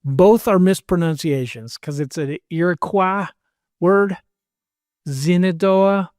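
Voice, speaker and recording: A man co-hosting a podcast in casual chat, animated and jokey, often slipping into mimicry. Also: on the high side, unhurried, no room sound, clean studio sound. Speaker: podcast co-host. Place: lives in Virginia.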